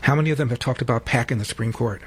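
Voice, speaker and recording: A man's voice: mid-range voice, very fast, a little hiss or hum. A man hosting political commentary, speaking bluntly and emphatically as he introduces clips. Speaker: commentary host.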